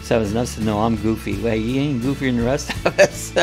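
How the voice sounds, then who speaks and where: A man's voice: medium pitch, moderate pace, gravelly, music in the background. A man hosting a casual live coffee chat, talking in a rambling, folksy way with lots of fillers and restarts.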